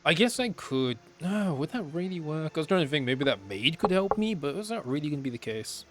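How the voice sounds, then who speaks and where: A man's voice: a little high, very animated, a little fast, a little hiss or hum. A man giving casual gameplay commentary, thinking aloud and hesitating as he weighs his choices. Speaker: game player.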